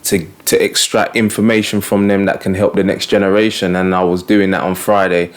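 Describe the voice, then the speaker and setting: A man's voice: deep voice, level tone, a little fast. A man hosting a casual football podcast, upbeat and slangy, laughing often. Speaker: podcast host.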